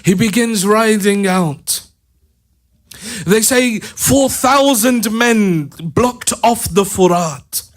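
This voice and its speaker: A man preacher telling a mournful story in a sermon, slow and chanting, at times half-sung. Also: high-pitched.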